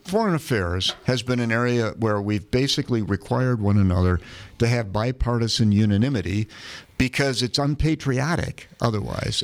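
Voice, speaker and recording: A man hosting a casual political talk show, speaking haltingly and often repeating words as he searches for his phrasing. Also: medium pitch. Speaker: podcast host.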